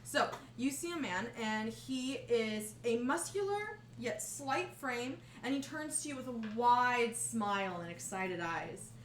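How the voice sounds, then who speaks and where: A woman's voice: fairly high pitch, expressive, unhurried, few pauses, reverberant, recorded from a distance, a little hiss or hum. A woman narrating as game master on a video call, giggly and easily flustered.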